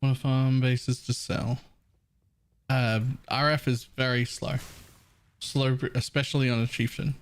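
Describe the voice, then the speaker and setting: A man's voice: mid-range voice, flat delivery, a little slow, clear, resonant tone. Blunt, casual man streaming a game. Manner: blunt, casual, swears freely. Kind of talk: casual gameplay commentary.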